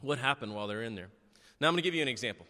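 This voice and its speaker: A middle-aged man preaching a sermon, telling stories in an animated, chatty and self-deprecating way. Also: mid-range voice, racing. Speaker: pastor. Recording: long echo of a large hall.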